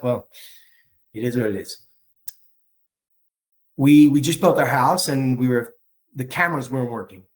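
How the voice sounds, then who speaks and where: A man speaks about his own life in a candid, unpolished way, often breaking off and starting his sentences again. His voice sits at an ordinary middle pitch. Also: rough recording. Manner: candid, halting, with frequent restarts. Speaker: speaker on marriage. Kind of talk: personal talk.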